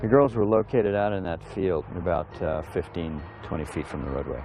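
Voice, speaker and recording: A man's voice: low-pitched, animated, fairly quick, a little mellow, soft background music. A man who works as a police detective, recounting a case in a plain, matter-of-fact interview manner. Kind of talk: interview recollection.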